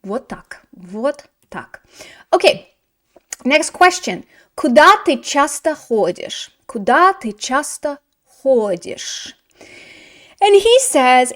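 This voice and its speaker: A woman teaching Russian grammar, correcting a student's mistakes in chatty, lively explanations. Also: high-pitched, takes it slowly, pauses often.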